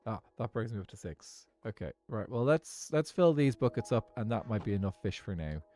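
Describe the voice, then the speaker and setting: A man's voice: lowish voice, very animated, a little fast, dark tone, faint music behind. An Irish man streaming a game, chatting casually and thinking aloud to his viewers in a rambling way. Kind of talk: casual live-stream chat while gaming.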